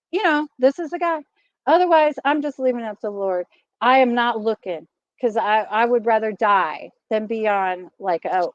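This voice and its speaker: Middle-aged woman host, high, chatty voice, laughs a lot, dry slightly dull recording. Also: no room sound. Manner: animated, laughs often. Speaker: vlogger host. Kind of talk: casual chatty storytelling.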